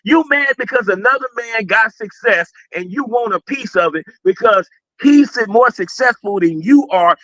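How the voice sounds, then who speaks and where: A very high, bright, forceful male voice rants and mocks with big swings in loudness. The sound is dry and a little dull, like lo-fi stream audio. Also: no echo. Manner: loud, mocking, animated ranting. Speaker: co-host. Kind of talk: casual commentary chat.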